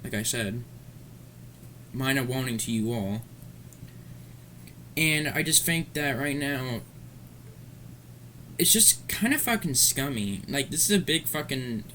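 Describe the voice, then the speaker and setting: A man's voice: medium pitch, expressive, slow, pauses often, bright, forceful tone, a little hiss or hum. A man ranting in a commentary vlog, angry, profane and rambling. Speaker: commentary vlogger.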